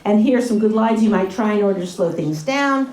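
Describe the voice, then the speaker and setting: A woman giving a live workshop talk to an audience, chatty and animated, often laughing and acting out little arguments. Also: medium pitch, brisk. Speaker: relationship workshop speaker. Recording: echoey room with audience.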